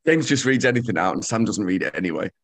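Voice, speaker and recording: A man co-hosting a podcast, chatting casually in a deadpan, self-mocking way. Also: on the low side, quick pace. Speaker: podcast co-host. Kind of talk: casual banter.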